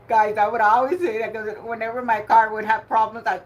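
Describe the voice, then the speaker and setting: Slow-talking older woman laughing often. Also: fairly high pitch, lively intonation, slight background noise. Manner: chatty, laughs often, greets viewers by name. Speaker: livestream host running bingo. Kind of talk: casual live chat.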